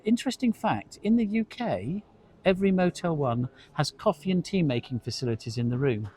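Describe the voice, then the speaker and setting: A man's voice: fairly high pitch, sing-song, moderate pace, warm tone, a little hiss or hum. A middle-aged man, co-hosting a casual industry discussion and telling chatty anecdotes, sometimes repeating words as he goes. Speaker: co-host, hospitality industry expert.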